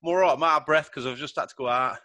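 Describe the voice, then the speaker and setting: A man hosting a podcast in a chatty, jokey way and laughing loudly. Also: fairly high pitch, fast, dry recording. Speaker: podcast host. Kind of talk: casual podcast chat.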